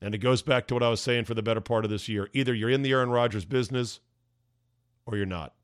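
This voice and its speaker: Hoarse man ranting emphatically. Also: mid-range voice, fast talker, no echo, clean studio sound. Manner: emphatic, ranting, sarcastic asides. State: voice going hoarse. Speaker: podcast host. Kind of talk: opinion monologue.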